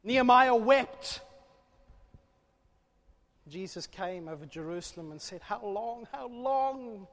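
A man preaching a sermon, swinging between loud, fervent calls and hushed, low asides. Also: lively intonation, moderate pace, hardly any pauses. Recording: long hall reverb.

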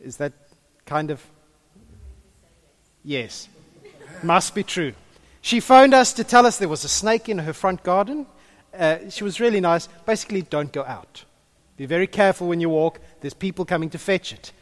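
Animated preacher, high voice. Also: male voice, moderate pace. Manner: storytelling, animated, chatty with the congregation. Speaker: pastor. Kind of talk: sermon.

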